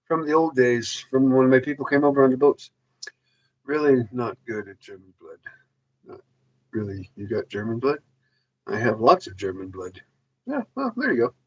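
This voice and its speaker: A man's voice: medium pitch, rough recording. A man hosting a casual livestream, rambling and joking crudely while answering viewers. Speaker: livestream host.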